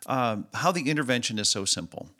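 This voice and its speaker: A man's voice: medium pitch, expressive, fairly quick, bright, forceful tone. A man co-hosting a podcast, talking enthusiastically and laughing easily. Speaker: podcast co-host. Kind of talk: casual podcast chat.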